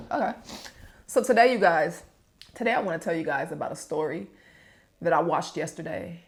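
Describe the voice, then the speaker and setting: A woman vlogger chatting casually with her viewers while she eats a meal on camera. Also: deep voice. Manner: chatty, talks straight to viewers. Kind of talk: casual mukbang chat.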